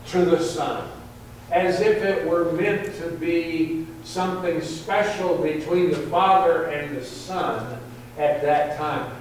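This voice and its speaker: A man preaching a sermon, slow and deliberate, lifting his voice on quoted verses. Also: a little high. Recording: very echoey hall, distant mic, faint hum.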